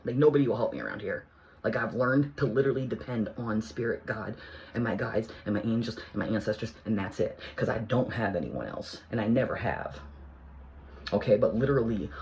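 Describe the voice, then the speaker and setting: A woman vlogger telling a personal story in a heated, profane, rambling way. She keeps restarting her sentences and swings between hushed asides and near shouting. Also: rumbling low, slight background noise, low-quality recording. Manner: rambling with many restarts and fillers.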